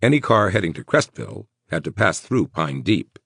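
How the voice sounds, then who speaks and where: A man narrating a horror novel audiobook in a measured storytelling manner. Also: sits low, sing-song, vocal fry, fairly bright tone, slightly rough, dry recording, clean studio sound.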